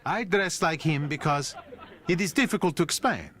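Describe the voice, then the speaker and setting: A man's voice: fairly high pitch, lively intonation, moderate pace, fairly bright tone, some chatter behind. A man voicing a reserved Venetian man in a harlequin costume in a video game, speaking politely and formally. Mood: measured. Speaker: game character. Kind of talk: game character voice acting.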